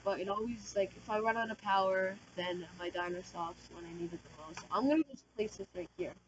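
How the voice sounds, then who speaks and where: A woman giving casual, slangy gameplay commentary as a channel host, talking loudly and excitably. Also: medium pitch, brisk, lo-fi sound, a little hiss or hum. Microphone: desk microphone.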